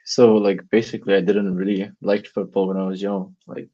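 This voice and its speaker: A man's voice: sits low, level tone, fairly quick, dark tone, lo-fi sound. A teenage man, a guest on a casual podcast, rambling with lots of "like" and restarts.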